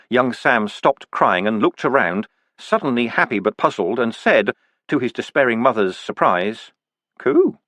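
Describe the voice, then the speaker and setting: Man reading a dark fantasy audiobook. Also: mid-range voice, dry recording. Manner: vivid, expressive reading with deliberate pauses. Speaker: audiobook narrator. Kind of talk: dramatic audiobook narration.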